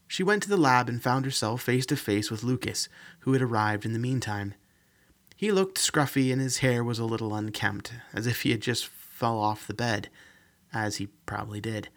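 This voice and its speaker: A man narrating a fantasy novel in a steady, even reading. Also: mid-range voice, moderate pace. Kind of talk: audiobook reading.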